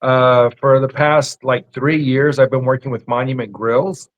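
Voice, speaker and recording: An easygoing man speaks as a chef guest on a casual podcast. His talk is relaxed and loose, and he fills pauses with "uh" and "man". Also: medium pitch, low-quality recording. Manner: easygoing, says "man" and "uh" a lot. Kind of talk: casual chat.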